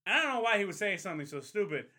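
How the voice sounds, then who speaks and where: Rapid-fire and high-voiced, a young man tells a long story to friends on a podcast. He swears constantly, stays animated, and acts out the voices of the people in the tale.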